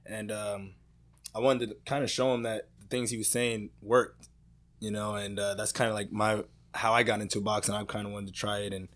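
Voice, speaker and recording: A young man, a boxer, answering interview questions in an easygoing way, pausing often with ums. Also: fairly low pitch, little pitch movement, a bit bright. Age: young adult. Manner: easygoing, hesitant, many ums. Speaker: boxer, guest.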